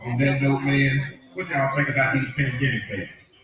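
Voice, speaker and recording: A man's voice: mid-range voice, fairly even intonation, moderate pace. A man doing crude stand-up comedy, telling stories with animation and laughing through his punchlines. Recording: echoey far-off stage recording with loud crowd laughter. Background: audience laughter.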